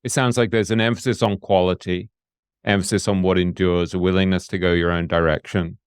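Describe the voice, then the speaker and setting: A man hosting a podcast interview who asks measured, reflective questions. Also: deep voice, flat delivery, clean tone, dry recording, studio quality. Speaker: podcast host.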